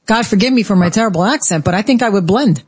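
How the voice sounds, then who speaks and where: A woman's voice: medium pitch, animated, quick pace, darkish tone, breathy edge, no echo. A woman co-hosting a talk radio show, playful and teasing in her banter. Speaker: radio co-host.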